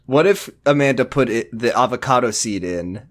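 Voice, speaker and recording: A man's voice: mid-range voice, lively intonation, moderate pace. A man co-hosting a podcast, chatting casually and animatedly, laughing and quoting characters in mock voices. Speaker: podcast co-host. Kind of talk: casual recap chat.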